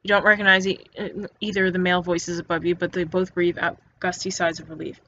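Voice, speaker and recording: A woman's voice: fairly low pitch, level tone, fast, sharp tone, a little hiss or hum. A woman reading an interactive story game aloud in second person, stumbling and restarting words often. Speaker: narrator. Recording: dull lo-fi recording with faint music.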